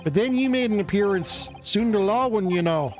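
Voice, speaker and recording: A man's voice: high voice, lively intonation, a little fast, a little hiss or hum. A man voicing a boastful, rich old businessman in a put-on Irish accent that slips toward Canadian, reading game dialogue. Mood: insistent. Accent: put-on Irish drifting Canadian. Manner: blustering, folksy, theatrical.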